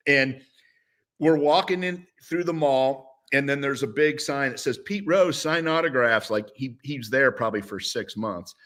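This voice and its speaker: Talking at a normal speed with a mid-range voice, this man in his sixties recounts tales from his football-playing past. He's a guest in a relaxed interview and tells his stories with lively animation.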